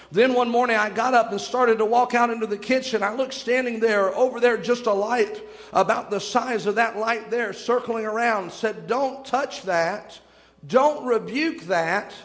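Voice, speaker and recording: A man's voice: high-pitched, in a large hall. A young man preaching a sermon, retelling scripture stories with dramatic shifts in pace.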